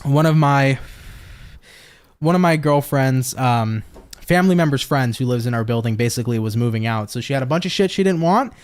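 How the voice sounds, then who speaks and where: Casual young man, home-office tarot reader, relaxed and profane, mid-pitched. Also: brisk. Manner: laid-back, swears often, laughs a lot.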